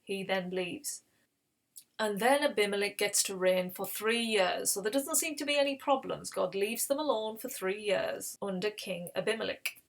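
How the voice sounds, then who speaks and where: A woman's voice: medium pitch, moderate pace. A woman hosting a Bible reading channel, retelling scripture in a casual, conversational way with explanatory asides.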